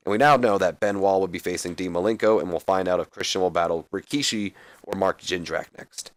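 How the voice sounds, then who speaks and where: A man's voice: sits low, no room sound. A young man casually recapping a wrestling game as a let's play host, rambling a little. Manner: casual, rambling, reads out scripted lines.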